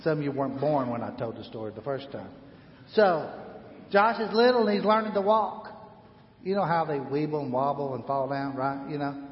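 A man in his sixties preaches, his voice pitched high for a man. He leads the congregation in call-and-response and builds his stories with rising emphasis. The recording is dull and washed in long hall reverb. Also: normal speed. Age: 60s. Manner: call-and-response, leading the congregation in repeated phrases. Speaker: pastor. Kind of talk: sermon. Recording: roomy hall reverb, slightly dull sound.

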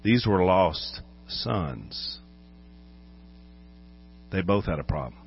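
Man, pastor, animated sermon, muffled sound, mains hum. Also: low voice, extremely slow, vocal fry. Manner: animated, acts out voices while preaching.

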